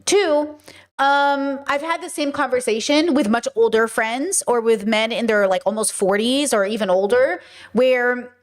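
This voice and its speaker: A woman with a slightly high voice talks through a clip on her stream. She muses out loud and puts questions to her chat and to herself in a loose, casual way. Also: a little slow. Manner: thinks aloud, asks chat and herself questions. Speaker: streamer reacting to a video. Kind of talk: casual live-stream commentary.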